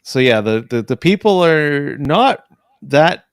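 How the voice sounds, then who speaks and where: A man hosting a casual movie review panel, easygoing and quick to laugh. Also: fairly high pitch, sing-song, clean tone, no room sound, clean studio sound. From Canada.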